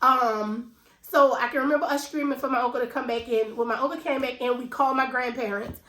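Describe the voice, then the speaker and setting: High-voiced New Orleans woman, echoey room. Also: steady tone, a little fast, a bit bright. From New Orleans, USA. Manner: emotional, conversational, addresses viewers as y'all. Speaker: finance vlogger. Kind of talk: personal storytelling to camera.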